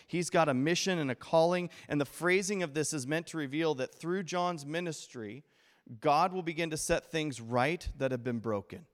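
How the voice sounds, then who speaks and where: A male pastor delivers a sermon with a slightly raised voice, acting out the lines he quotes with playful humor. His words ring with the long reverb of a large church hall. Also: on the high side.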